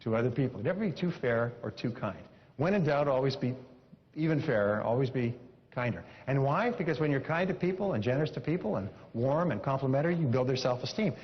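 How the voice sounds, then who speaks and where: A man giving a motivational seminar talk, emphatic, repeating key phrases and coaching his audience. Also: fairly high pitch. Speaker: seminar speaker. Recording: dull lo-fi sound with long hall reverb.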